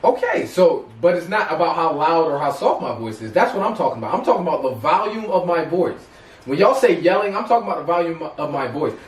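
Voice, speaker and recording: A man's voice: a little high, lively intonation, quick pace. A man co-hosting a podcast, arguing his point insistently and talking over the others. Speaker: podcast co-host. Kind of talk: heated casual debate. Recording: roomy echo, mic at a distance.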